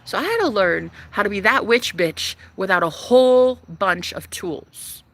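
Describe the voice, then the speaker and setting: A young woman talking to camera in a casual vlog, sassy, profane and dramatic, swinging between loud outbursts and hushed asides. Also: mid-range voice, animated, measured pace, dry recording. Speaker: vlogger.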